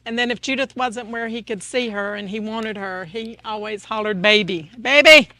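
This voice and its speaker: A woman's voice: fairly high pitch, little pitch movement, moderate pace, a bit bright, no echo. A woman, a longtime family friend, telling fond, light-hearted stories in a chatty way. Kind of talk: casual storytelling.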